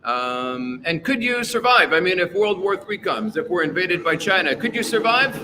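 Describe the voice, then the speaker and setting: A man's voice: high voice, lively intonation, moderate pace, background noise. A man hosting a casual livestream, reading out chat and rambling through his opinions with many fillers.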